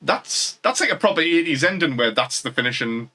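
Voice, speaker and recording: A man's voice: fairly high pitch, very animated, bright, forceful tone. A man with a northern English accent, co-hosting a podcast in a jokey casual chat and asking the others questions. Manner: asks the questions, jokey and quick to laugh. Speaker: podcast co-host.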